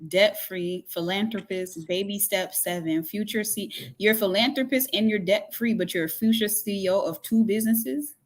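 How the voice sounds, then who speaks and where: A woman's voice: mid-range voice, moderate pace, hardly any pauses. A woman co-hosting a casual chat show, reading messages aloud with mock precision and trading frank, laughing banter. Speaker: co-host.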